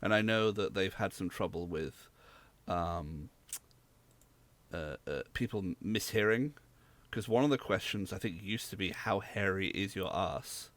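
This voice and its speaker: A man's voice: low voice, measured pace. A man from Southwest England, co-hosting a casual podcast chat in a rambling, dry way. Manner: dry, rambling with many fillers. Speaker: podcast co-host.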